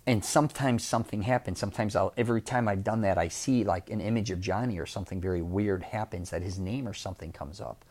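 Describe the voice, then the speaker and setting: A man from Chicago with a Chicago accent, hosting a podcast and telling a personal story in a casual, animated way, repeating words for emphasis. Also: on the low side, fast talker, few pauses. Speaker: podcast host.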